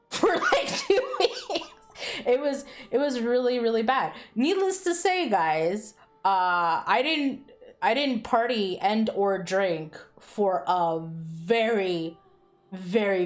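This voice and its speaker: Chatty, salty-mouthed young woman streamer. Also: medium pitch. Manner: chatty storytelling, swears freely, laughs often. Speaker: live streamer. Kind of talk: casual chat with stream viewers.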